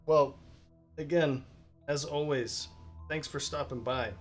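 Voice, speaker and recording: A man's voice: a little high, steady tone, slow, faint music behind. A man hosting a let's play, giving casual commentary as he thinks aloud through his choices, with plenty of ums along the way.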